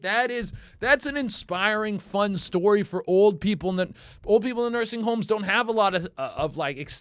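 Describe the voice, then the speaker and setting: A man in his thirties hosting a comedy podcast, riffing in a profane, rambling monologue that swings from mumbled asides to loud outbursts. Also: on the high side, dry recording, clean studio sound.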